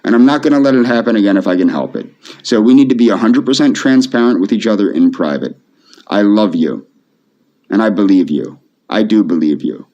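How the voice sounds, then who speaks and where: Soft flat-voiced man, muffled lo-fi audio. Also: lowish voice, a little fast. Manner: soft, repetitive, emotionally flat. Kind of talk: pleading video monologue. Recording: dull lo-fi video audio.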